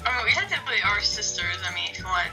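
A woman joining a friend's gameplay video, trading teasing, deadpan banter. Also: mid-range voice, fast talker, music in the background. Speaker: friend on a call.

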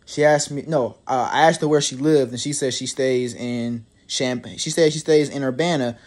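A man's voice: medium pitch, fairly even intonation, normal speed. Rambling, profane young man. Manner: profane, rambling, with frequent restarts and laughter. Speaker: vlogger. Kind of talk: casual storytime monologue.

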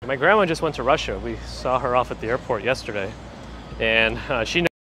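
A perky man chats his way through a live walk, reacting to viewer comments as he goes. He talks at an everyday middle pitch. He is recorded outdoors on a handheld rig, and clear street traffic noise runs underneath. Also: lively intonation, brisk, bright, forceful tone. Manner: chatty, reads viewer comments aloud. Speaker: livestream host. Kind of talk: casual walking livestream chat. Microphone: handheld phone gimbal mic. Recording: noisy outdoor street audio.

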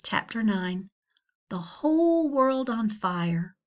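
A woman librarian reads a children's novel aloud to young students, taking her time. Her voice moves up and down expressively, keeping the story lively at a slow, clear pace. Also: a little high. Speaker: school librarian. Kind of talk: children's book read-aloud.

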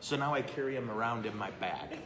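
A priest chats casually in a brewery, answering questions live while laughing often and poking fun at himself. His medium-pitched voice is expressive and brisk. Background noise fills the echoey room, which has a long reverb.

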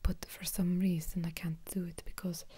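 A woman's voice: lowish voice, level tone, normal speed, dark tone, slight background noise. A woman in a whispered ASMR chat, rambling and self-deprecating with lots of ums. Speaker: ASMR creator.

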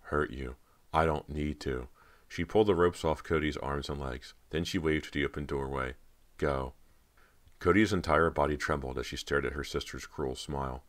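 A man narrating a horror audiobook in a measured, dramatic way. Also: very deep voice, a bit bright.

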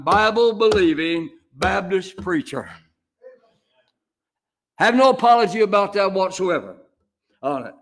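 An older man preaching a sermon as senior pastor, in a homey, folksy style with slow, emphatic repeated phrases. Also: sits high, a bit bright.

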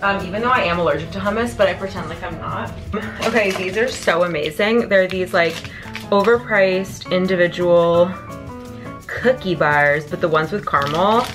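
A woman's voice: fairly low pitch, moderate pace, music in the background. A young woman chatting casually to her camera at home for a lifestyle vlog, filler-heavy and self-deprecating. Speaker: lifestyle vlogger. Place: home, kitchen and indoors.

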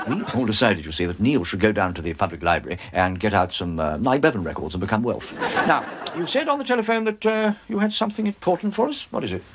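A man's voice: fairly low pitch, animated, fast, a little hiss or hum. An actor playing a wily, flustered male Labour politician who hesitates and stammers, in sitcom style. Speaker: politician character. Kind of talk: sitcom acting.

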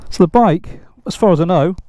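A man's voice: high voice, a little fast, dark tone, no room sound. An older man, chatting casually outdoors beside his motorbike in a rambling, self-deprecating way. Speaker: motorcycle vlogger. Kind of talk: casual vlog chat.

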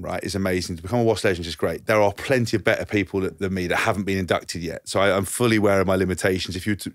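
A man's voice: sits low, dry recording, clean studio sound. A man in his thirties, a podcast co-host and former rugby player, telling stories with lots of laughing, swearing and imitating people. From England. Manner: animated storyteller who mimics others, laughs often, swears casually. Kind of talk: casual anecdote telling.

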